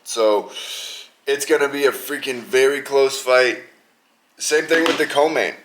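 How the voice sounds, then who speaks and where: A young man hosting a podcast, talking casually and rambling in an animated, slangy way about an upcoming fight card. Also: medium pitch, unhurried, background noise. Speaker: podcast host. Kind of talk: casual sports chat.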